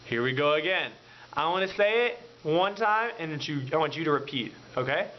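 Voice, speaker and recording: A man teaching a language lesson through call and repeat, drawing words out and swinging his pitch up and down on each drilled word. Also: lively intonation, normal speed. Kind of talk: slow, drawn-out classroom teaching with call and repeat. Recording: dull lo-fi sound with faint noise.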